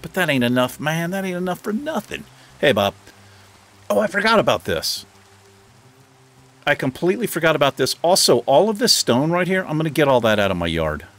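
A man casually narrating his own game as he plays, chatting to the animals and now and then jumping into high, excited bursts. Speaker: gaming host. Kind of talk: casual let's play commentary.

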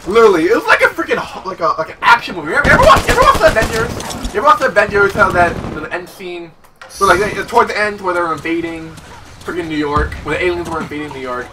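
A man's voice: sits high, animated, fast talker, very noisy. A young man hosting a let's play, rambling through a story and swearing often as he plays. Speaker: gaming channel host. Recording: voice from far off under loud game sound.

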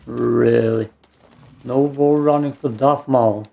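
A man's voice: mid-range voice, slow pace, gravelly, mellow, slight background noise. A man with a German accent, a native German speaker, giving rambling, self-mocking let's play commentary and cursing at the game. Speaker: gamer.

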